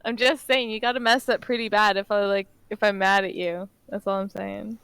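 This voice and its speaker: A woman's voice: mid-range voice, flat delivery, a little fast, gravelly, a bit bright, clear, resonant tone, no room sound. A young woman co-hosting a casual podcast, ranting with frequent laughter. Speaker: podcast co-host. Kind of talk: casual chat and ranting commentary.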